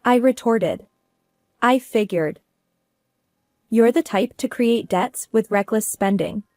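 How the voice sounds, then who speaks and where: A woman's voice: a little high, slow pace, mellow, dry recording. Female narrator, cool businesslike delivery, dry close recording. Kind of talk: first-person story narration.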